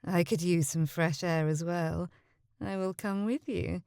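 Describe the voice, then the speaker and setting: A woman voicing a seductive society lady with a breathy, purring voice. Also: lowish voice, fairly even intonation, unhurried, a little mellow, dry recording, studio quality, pitched below the performer's own voice.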